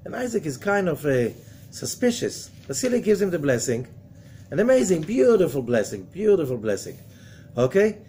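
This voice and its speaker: Man, rabbi's study lesson, slightly high voice, faint noise behind, keeps asking "okay?". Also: big pitch swings, moderate pace, dark tone. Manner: dramatic retelling with rhetorical questions, frequent "okay?". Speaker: rabbi teaching a weekly study class. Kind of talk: animated scripture lesson.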